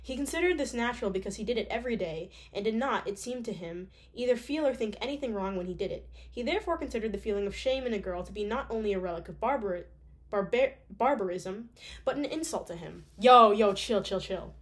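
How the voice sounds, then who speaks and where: A woman's voice: a little high, lively intonation, fast, a little mellow. Casual woman reading a novel aloud. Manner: casual, joking asides, occasional stumbles. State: sick. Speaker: audiobook reader. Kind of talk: casual audiobook reading with asides.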